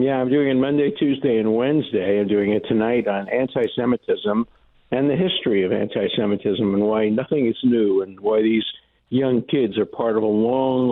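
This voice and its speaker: An older man, a law professor guest on a phone-in interview, speaking forcefully and indignantly, with emphatic repetitions. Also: fairly low pitch, no room sound. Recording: dry tinny phone line.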